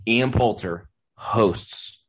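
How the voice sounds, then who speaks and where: A man co-hosting a casual podcast, animated and laughing into his own jokes. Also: lowish voice, very slow, husky. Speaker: podcast co-host.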